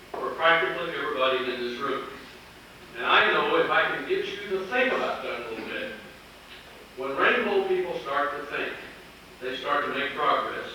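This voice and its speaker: A man's voice: mid-range voice, sharp tone, a little hiss or hum. Folksy man speaking in an echoey hall. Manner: folksy storyteller, earnest and encouraging. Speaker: sales executive speaking at a company meeting. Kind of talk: motivational speech with folksy jokes. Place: large meeting hall. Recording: echoey hall, heard from a distance.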